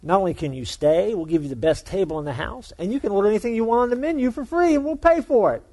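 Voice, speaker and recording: A man's voice: high-pitched, animated, quick pace, a little mellow, pitched above the performer's own voice. A man playing a stern restaurant maitre d' in a joke he tells, curt and dismissive. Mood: challenging.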